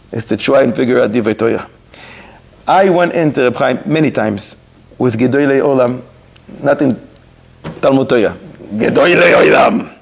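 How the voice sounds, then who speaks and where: Middle-aged male rabbi, sermon-style lecturer, Yiddish-tinged Hebrew terms, very expressive pitch. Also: gravelly, breathy edge. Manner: animated, rising sharply to mock rebukes. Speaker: rabbi giving a Torah class.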